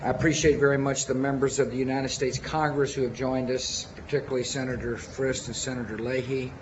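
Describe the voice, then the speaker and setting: A man's voice: medium pitch, little pitch movement, dull audio, noisy background. Earnest Texan man at a podium. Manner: earnest, measured, with deliberate pauses. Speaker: president giving a memorial speech. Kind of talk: formal ceremonial speech.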